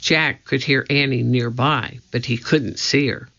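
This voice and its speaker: In a dull, lo-fi recording, an audiobook narrator reads a children's story slowly and carefully, letting the suspense build. His medium-pitched voice holds a steady tone and is bright with a gravelly texture.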